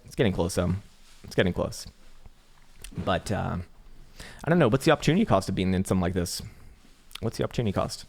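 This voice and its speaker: Man, low voice, laid-back crypto chart commentary, joking, profane. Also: brisk. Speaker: crypto market analyst, channel host.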